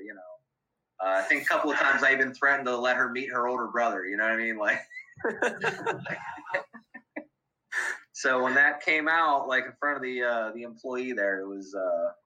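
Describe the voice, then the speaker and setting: A man's voice: medium pitch, sharp tone, low-quality recording. A man telling a funny story as a podcast guest, laughing often and talking with many fillers. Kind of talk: casual storytelling.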